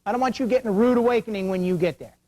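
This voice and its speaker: Middle-aged guy lecturing a hall, quick talker, cracks jokes, voice going a bit hoarse. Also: high voice, dark tone. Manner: joking, conversational, rhetorical questions. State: losing his voice. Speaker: security awareness speaker. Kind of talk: lecture to an auditorium. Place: auditorium.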